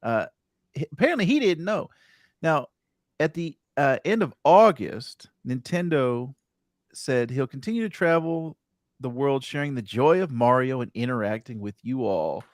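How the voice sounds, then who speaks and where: A man hosting a gaming podcast, his voice rising and falling as he reads out news items. He has a middle pitch and a close, dry sound. He talks in a casual way. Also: animated, normal speed, dry recording. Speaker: podcast host.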